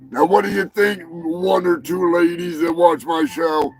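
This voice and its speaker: Profane dude ranting thru the news slow and sarcastic, bit high voice, music going under it. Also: male voice, creaky, a bit bright. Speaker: show host. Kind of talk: comedic news rant.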